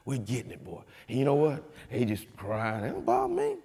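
A man, a former football player giving a folksy, animated testimony with a preaching cadence. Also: mid-range voice, fairly quick, breathy edge. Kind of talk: storytelling speech. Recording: long reverb of a hall.

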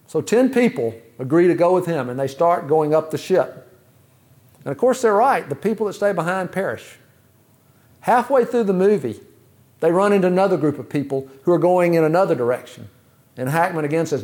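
Preacher, male, fairly high-pitched voice, measured delivery with rhetorical questions. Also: animated, a little mellow. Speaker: pastor. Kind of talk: sermon.

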